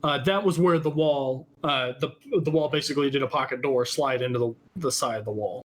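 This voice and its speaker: A man narrating as dungeon master in a tabletop game, halting with many ums and restarts. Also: mid-range voice.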